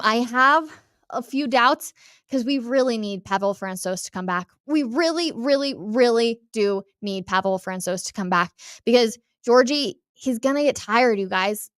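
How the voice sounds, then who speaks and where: A young American woman hosting a casual sports talk show, chatty and animated, often speaking straight to her listeners. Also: a little high, smooth, no echo, clean studio sound. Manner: chatty and animated, addresses listeners as "you guys". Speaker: sports radio host.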